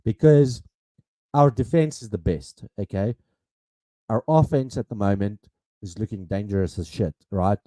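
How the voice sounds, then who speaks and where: A man's voice: lowish voice, a little slow, warm tone, no echo. A man co-hosting a casual podcast, talking hesitantly with many fillers and restarts. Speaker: podcast co-host. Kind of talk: casual chat.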